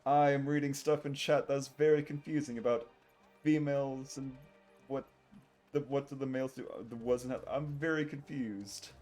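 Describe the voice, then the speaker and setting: A man's voice: mid-range voice, steady tone, normal speed, a little mellow, soft background music, close to an everyday voice. A male streamer putting on a hammy British accent, bantering playfully while streaming a game. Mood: jovial. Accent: put-on British. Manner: hammy, playful, laughs often. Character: exaggerated tipsy British bloke, jolly.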